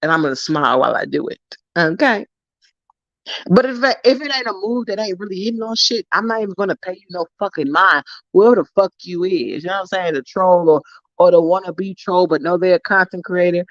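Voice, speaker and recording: A woman's voice: on the low side, a little fast, no room sound. A woman hosting a livestream, ranting at viewers in a profane, confrontational, emphatic way. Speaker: YouTuber livestream host. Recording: dull lo-fi dry sound.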